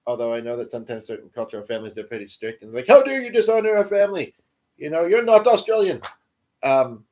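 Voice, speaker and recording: A man livestreaming in casual chat, answering viewers in a rambling, self-deprecating way and chuckling often. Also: medium pitch.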